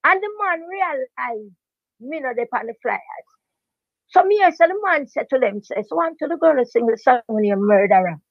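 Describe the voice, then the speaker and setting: An older woman with a strong Jamaican accent tells her story in quick bursts of patois and keeps hammering the same point home. Her voice sits high, and the recording sounds dry and a little dull. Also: no echo. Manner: animated patois storytelling, emphatic repetition. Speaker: veteran dancehall DJ, guest. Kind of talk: storytelling interview.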